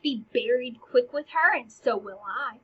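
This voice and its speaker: A woman's voice: a little high, lively intonation, measured pace, slight background noise. A ranting young prince, read by a woman. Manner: mixes old verse with slangy paraphrase. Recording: dull lo-fi recording.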